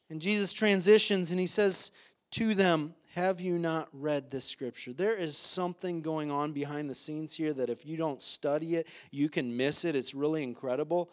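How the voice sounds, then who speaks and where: A man's voice: sits high, normal speed, fairly bright tone. A man preaching a sermon as pastor, impassioned and emphatic, with frequent hesitant fillers between points.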